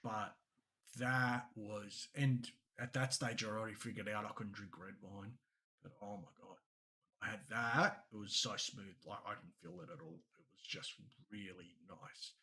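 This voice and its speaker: This Australian podcast co-host has a lowish, sharp-toned voice with vocal fry, and he talks a little slowly. In casual conversation he spins rambling stories and laughs a lot.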